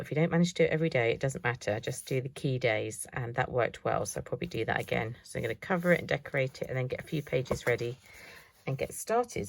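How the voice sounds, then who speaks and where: A woman's voice: a bass voice, vocal fry, dry recording. A middle-aged woman chatting casually through a craft haul, thinking aloud as she shows each item. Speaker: craft vlogger.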